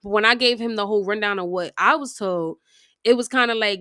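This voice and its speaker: A woman telling a story casually over gameplay, retelling it in an animated, slangy way with constant fillers. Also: medium pitch, a little fast, dry recording, studio quality. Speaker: storytime vlogger.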